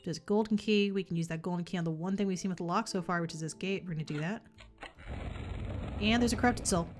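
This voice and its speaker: A woman's voice: on the low side, fast talker. A woman streaming a puzzle game, chatting casually and thinking aloud as she plays, with the odd offhand swear. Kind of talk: casual let's-play commentary. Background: faint game music.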